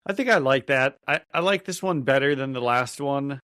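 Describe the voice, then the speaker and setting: A man co-hosts a podcast, chatting casually and easily with some hesitant fillers. His medium-pitched, fairly bright voice has lively intonation and a moderate pace, recorded with clean studio sound and no echo.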